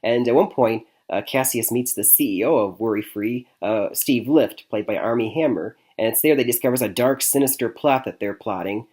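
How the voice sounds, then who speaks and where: A young man from Michigan talks through a movie review in a loose, chatty way. He stumbles, restarts and fills gaps with ums and uhs, and chuckles at his own jokes. His voice sits at an ordinary middle pitch. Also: normal speed, hardly any pauses, a little mellow. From Michigan, USA. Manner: chatty, rambling, frequent fillers and restarts, chuckles often. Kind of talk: casual spoken movie review.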